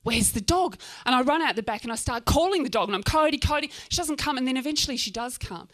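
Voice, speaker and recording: An Australian woman tells a true story from her own life with a bright, forceful edge to her voice. She sits a little above the usual pitch for a woman and speaks frankly, swears without hesitation, and acts out each scene as she goes. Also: animated, very fast. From Tasmania, Australia. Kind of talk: live personal storytelling.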